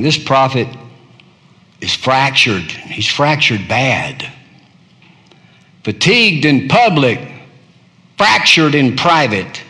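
Animated preacher man, hushed to soaring. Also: measured pace, long pauses, long reverb tail. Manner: dramatic swings from hushed murmur to loud high cries. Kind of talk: sermon.

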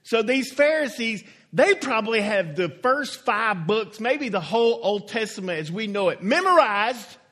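A man's voice: sits high, expressive, moderate pace, hardly any pauses, a bit bright. A man preaching a sermon as a pastor, folksy and emphatic, stretching out key words for stress.

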